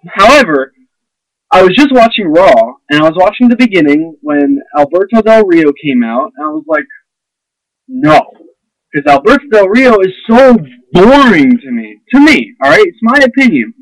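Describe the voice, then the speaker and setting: A man's voice: sits high, sing-song, normal speed, dry recording, rough recording. A young man ranting to camera in a blunt, sarcastic, profane and rambling way. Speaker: vlogger. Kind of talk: casual ranting monologue.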